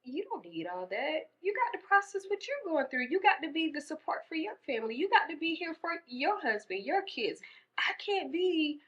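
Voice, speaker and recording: A woman's voice: high-pitched, big pitch swings, moderate pace, fairly bright tone. A woman in casual conversation, earnestly explaining her point step by step. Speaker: podcast guest. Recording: muffled dull sound.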